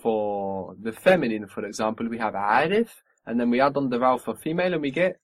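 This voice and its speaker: Teaching a spoken language lesson, this man patiently models pronunciation and encourages his student. His mid-range voice moves quickly, and there is no room sound.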